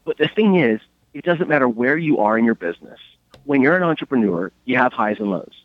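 A man's voice: mid-range voice, expressive, no room sound. Upbeat male guest on a dull lo-fi line. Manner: upbeat, halting with restarts. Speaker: radio guest, author. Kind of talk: casual interview talk.

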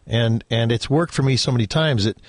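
A man's voice: medium pitch, fairly quick, no echo, clean studio sound. A middle-aged man hosting a radio show, reading sponsor spots and chatting with his guest. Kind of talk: radio interview and sponsor reads.

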